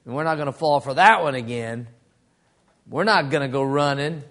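A man putting on dismissive villagers in a low, mumbling, sarcastic voice. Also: normal speed, fairly bright tone, close to an everyday voice. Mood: scoffing. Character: scoffing villagers, dismissive and mocking.

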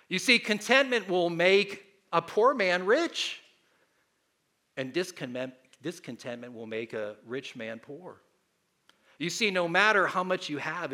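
A man in his fifties preaching a sermon as pastor, animated and leading the congregation in call-and-response. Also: fairly high pitch.

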